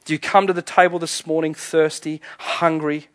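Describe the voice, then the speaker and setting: Man, pastor, sermon, earnest, hushed passages, light chuckles, slightly high voice, dry sound. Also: flat delivery, normal speed, no room sound. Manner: earnest, dropping to soft hushed tones with frequent chuckles.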